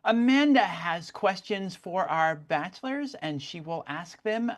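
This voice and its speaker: A woman's voice: lowish voice, expressive, a little slow. A woman hosting a mock dating game show in an announcer manner. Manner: announcer-like, then rambling with fillers.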